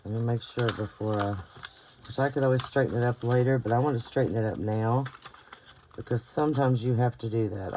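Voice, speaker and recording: A woman's voice: a bass voice, mellow, a little hiss or hum. Tired West Virginian woman rambling while crafting. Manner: rambling, thinks aloud, searches for words. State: tired late at night. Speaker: bookbinding crafter hosting her channel. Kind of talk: casual hands-on craft tutorial. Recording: clear crinkling paper and clicking sounds behind.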